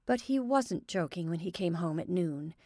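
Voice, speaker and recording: A woman's voice: on the low side, lively intonation, normal speed, dark tone, no room sound. Woman reading a story aloud, dry and close.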